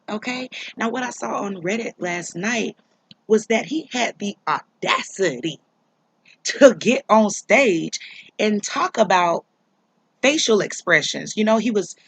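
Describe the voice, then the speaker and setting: A woman's voice: medium pitch, breathy edge, low-quality recording. A woman hosting her own commentary vlog, talking straight to the viewer in a sassy, mocking way. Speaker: vlog host.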